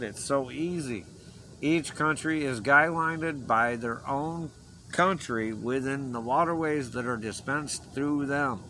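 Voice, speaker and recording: A man's voice: medium pitch, bright, forceful tone, a little hiss or hum, rough recording. A man delivering an impassioned, rambling personal message to his viewers, earnest and emotional, pleading with them to listen. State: choked up. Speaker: vlogger.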